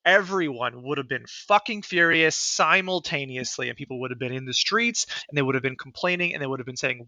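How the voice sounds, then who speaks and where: A man's voice: mid-range voice, brisk, hardly any pauses, pushed and bright, no room sound. A man co-hosting a casual political podcast, arguing heatedly and emphatically and swearing freely. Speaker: podcast co-host.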